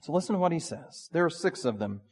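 A man preaching a sermon in a conversational, animated way. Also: on the high side, quick pace, breathy edge. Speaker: pastor. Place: church sanctuary. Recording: long reverb of a church hall.

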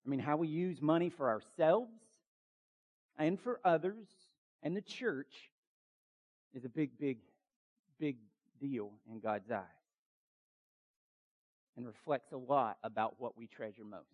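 A man preaching a sermon as pastor, urgent and emphatic, with quick asides to the congregation. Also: mid-range voice, darkish tone, muffled recording.

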